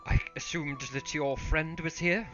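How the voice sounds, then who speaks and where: A man's voice: fairly high pitch, fairly even intonation, measured pace, fairly bright tone. Man playing an earnest polite baker. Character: earnest male baker, eager rival of the chef. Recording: dull lo-fi sound. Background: faint music.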